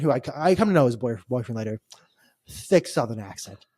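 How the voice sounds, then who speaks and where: A man's voice: medium pitch, brisk, breathy edge, no echo, studio quality. An American man, a young adult, co-hosting a podcast and telling a trip story in casual chat, laughing and restarting his sentences. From United States. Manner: animated, laughing storyteller with filler-heavy restarts. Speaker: podcast co-host.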